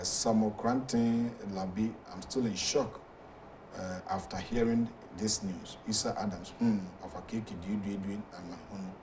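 A Ghanaian man with a rather low voice hosts a talk show, haltingly reading viewer messages and tripping over names. He sits back from the mic, so he sounds distant, with constant background noise underneath. His reading is hesitant and full of fillers.

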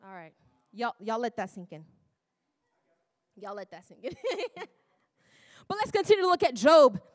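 A woman's voice: on the high side, sing-song, moderate pace, dry recording. A woman preacher delivering a sermon in a church, often laughing, breaking off and exclaiming to herself. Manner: laughing, self-interrupting, exclamatory.

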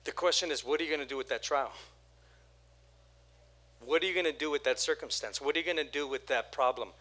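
A middle-aged man preaching a sermon as pastor, animated, acting out what churchgoers say. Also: on the high side, a little fast. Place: church sanctuary.

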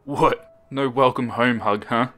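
A man voicing a drunk, obnoxious middle-aged father with a raspy voice, loud and mocking, in a narrated horror story. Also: medium pitch, fairly even intonation, slow pace, soft background music, voice pushed up.

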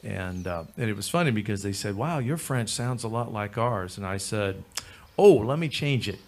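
A man's voice: on the low side, moderate pace, slight background noise. A man with a Midwestern American accent chatting from a concert stage between songs, rambling with fillers and restarts. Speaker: fiddler and bandleader.

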